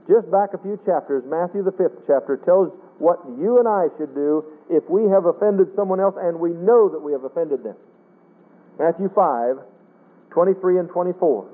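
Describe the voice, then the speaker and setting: A man's voice: sits high, normal speed. A man preaching a sermon, earnestly pleading with listeners and quoting scripture in old-fashioned wording. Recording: tinny phone-like radio broadcast.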